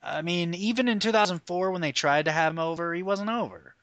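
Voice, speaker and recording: A man's voice: sits high, brisk, no room sound. A man hosting a podcast in casual chat, emphatic and opinionated, swearing freely and mimicking people as he argues. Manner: animated, often mimics people mid-story. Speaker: podcast host.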